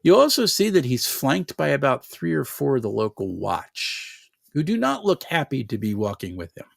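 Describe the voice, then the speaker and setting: A man narrating a tabletop game as game master, relaxed and rambling with many fillers. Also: mid-range voice, normal speed, vocal fry, no echo, clean studio sound.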